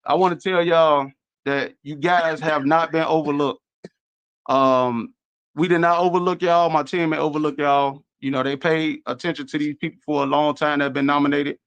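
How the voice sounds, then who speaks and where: A man's voice: fairly high pitch, fairly even intonation, normal speed, fairly bright tone, smooth, no room sound, muffled recording. A man with a Chicago accent who runs an award show, talking casually on a radio show in a rambling way with many fillers and restarts.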